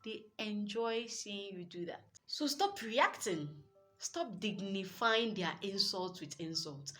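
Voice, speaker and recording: Nigerian lady coaching on relationships, earnest and lively, drops into pidgin, soft music behind. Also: medium pitch, takes it slowly. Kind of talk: motivational advice talk.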